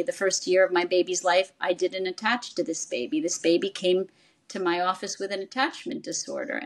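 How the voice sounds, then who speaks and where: An older woman, a psychoanalyst, explaining things in conversation and acting out quoted parents. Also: lowish voice. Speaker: psychoanalyst guest. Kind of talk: expert conversation.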